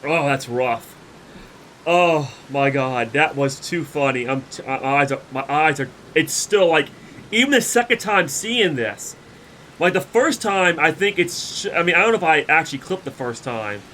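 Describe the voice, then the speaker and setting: A man's voice: fairly high pitch, animated, moderate pace, sharp tone, a little hiss or hum. A man streaming a game and reacting with constant giggling, laughing until he tears up while sick with the flu and coughing. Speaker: let's play streamer.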